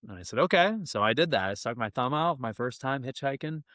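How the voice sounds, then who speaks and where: A young man telling a story in a casual, animated way, full of slang like "man" and "dude". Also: medium pitch, fast, no echo, clean studio sound. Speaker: guest.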